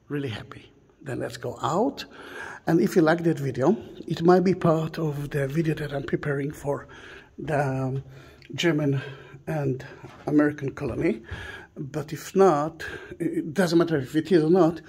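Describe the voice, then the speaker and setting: Soft-spoken Israeli man guiding a tour. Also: fairly high pitch, slightly rough, long reverb tail. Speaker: tour guide. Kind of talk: casual walking tour vlog.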